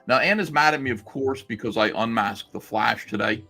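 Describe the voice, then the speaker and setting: A man's voice: mid-range voice, normal speed, creaky, sharp tone, soft background music. Rambling, sarcastic man telling a story. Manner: rambling, sarcastic, acts out quoted lines. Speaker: streamer recounting a story. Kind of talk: casual storytelling on a livestream.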